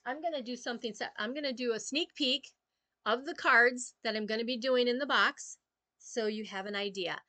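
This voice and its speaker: A woman with a bright, slightly high voice talks casually through a papercraft demonstration, pausing often with ums as her hands stay busy. The sound is close and dry, with no room around it. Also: no room sound. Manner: chatty, many ums, talks while working. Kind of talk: casual live craft demo.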